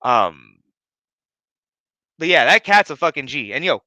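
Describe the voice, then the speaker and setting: A man's voice: fairly high pitch, animated, a little fast, long pauses, sharp tone, no room sound, dull audio. A man hosting a casual home podcast, telling a rambling, profanity-heavy story full of fillers. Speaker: podcast host. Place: his living room at home. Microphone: streaming setup.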